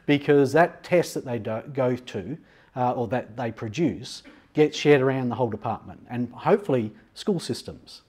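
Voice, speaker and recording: A man's voice: mid-range voice, a little mellow. Conversational man presenting at a conference. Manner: conversational, with frequent ums and uhs and frank asides. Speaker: software presenter at a teachers' conference. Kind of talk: live conference demo talk. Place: conference session room.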